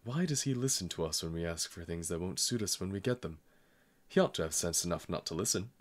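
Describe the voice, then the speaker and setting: A man's voice: low voice, lively intonation, fast. A man voicing an irritable old grandmother who scolds and complains. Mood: musing. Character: stern, irritable old grandmother, fussy and proud.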